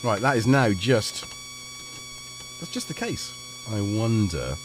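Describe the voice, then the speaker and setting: A man's voice: medium pitch, wildly swooping pitch, slow, over music. Chatty British man with a cold. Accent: Liverpool-tinged British. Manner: chatty, rambling, self-mocking. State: full of cold. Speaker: livestream host. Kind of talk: casual live-stream chat. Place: home studio.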